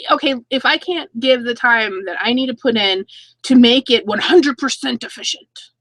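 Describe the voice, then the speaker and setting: A chatty woman in her thirties hosts a casual live stream, reading viewer comments aloud and laughing as she talks. Her voice is bright and clear, sitting slightly high, and the sound is close and dry with no room echo. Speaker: YouTube channel host.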